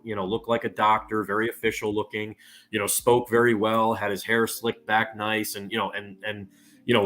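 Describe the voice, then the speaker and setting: A man's voice: fairly low pitch, a bit bright. A man guest on a casual podcast, explaining at length and leaning on "you know" fillers.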